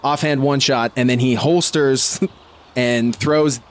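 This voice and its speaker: A man's voice: mid-range voice, fairly even intonation, slow. A man playing a tabletop role-playing game, chatting and thinking aloud as he works out his dice rolls. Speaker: player. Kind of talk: casual tabletop play.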